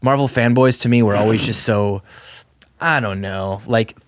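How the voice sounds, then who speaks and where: Animated rambling man in his thirties. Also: lowish voice, normal speed, no room sound. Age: 30s. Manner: animated, rambling, lots of fillers. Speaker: podcast co-host. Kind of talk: casual chat.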